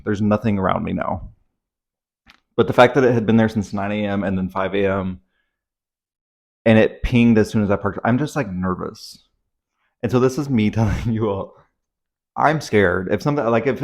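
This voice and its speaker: A young man telling a story to his camera at home in a casual vlog, rambling, anxious and swearing freely. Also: on the low side. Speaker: vlogger. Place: at home indoors.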